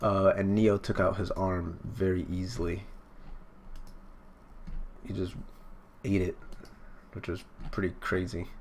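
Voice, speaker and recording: A man's voice: deep voice, flat delivery, takes it slowly, pauses often, darkish tone, a little hiss or hum. A man casually reading through and reacting to a manga chapter for his channel, rambling, with many fillers and casual swearing.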